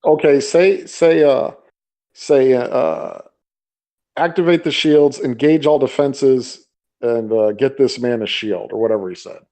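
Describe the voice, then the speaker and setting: Mellow-toned man, wry podcast co-host. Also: mid-range voice, unhurried. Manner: wry, deadpan jokes. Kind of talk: casual chat.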